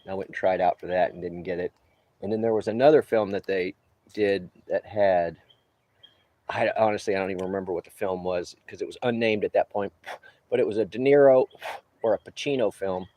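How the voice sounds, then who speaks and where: A man in his fifties with a low voice talks on an outdoor livestream from a roof during a work break. He rambles in an easygoing way and drops chuckling asides as he answers his viewers. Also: steady tone, brisk, warm tone, no room sound. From New Orleans. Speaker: livestreamer and roofer. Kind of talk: casual livestream chat.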